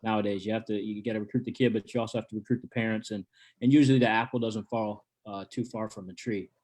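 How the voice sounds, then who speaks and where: A man with a lowish voice talks about recruiting in a casual interview. He is laid-back and searches for words, restarting phrases often as he goes. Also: fairly even intonation, fast talker, darkish tone. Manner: laid-back, many ums and repeated starts. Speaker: college wrestling coach and recruiter.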